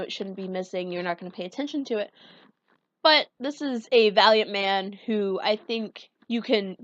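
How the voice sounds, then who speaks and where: A young woman vlogging casually, running through a list of facts, chatty and enthusiastic, with fillers and quick self-corrections. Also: fairly high pitch, fairly bright tone, no room sound, lo-fi sound. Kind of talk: casual countdown vlog.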